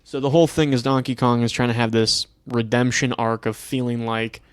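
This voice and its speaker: Young adult man, podcast co-host, smooth resonant voice, dry close sound, animated casual recap. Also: mid-range voice, brisk, dry recording. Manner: animated plot retelling, laughing often. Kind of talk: casual chat.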